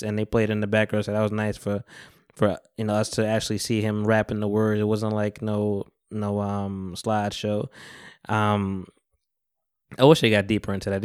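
A man's voice: lowish voice, clear, resonant tone, no room sound, studio quality. A young man hosting a podcast, talking in a loose, rambling way with plenty of slang and cursing. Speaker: podcast host. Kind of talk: casual chat.

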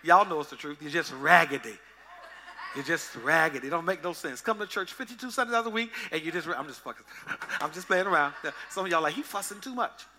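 High, bright-voiced joking preacher man. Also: fast talker. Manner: playful, joking with the congregation, singing in bits. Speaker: pastor. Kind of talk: sermon.

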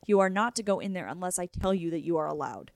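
A woman reading the part of a quirky, eccentric young Irish gentleman with an Irish accent, in a playful, theatrical manner. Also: high voice, animated, fast talker, vocal fry, no room sound. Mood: instructing.

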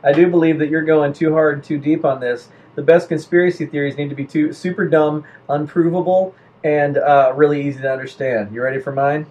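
High-voiced rambling comedy podcast host. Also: male voice, fairly even intonation, fairly quick, few pauses, a little mellow, highs cut off. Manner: rambling, many fillers, jokey. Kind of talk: comedic casual chat.

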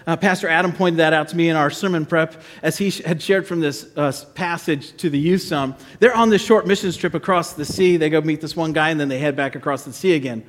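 High-voiced pastor in a reverberant church. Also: male voice, fairly quick, hardly any pauses. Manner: animated storyteller with a prayerful tone. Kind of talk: sermon with children's story. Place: church sanctuary.

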